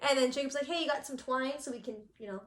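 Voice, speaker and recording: Animated woman telling a story, echoey room. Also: high-pitched, quick pace. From Southern California. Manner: animated, laughing, acting out quotes. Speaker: co-host of a cross-stitch channel. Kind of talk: casual storytelling chat.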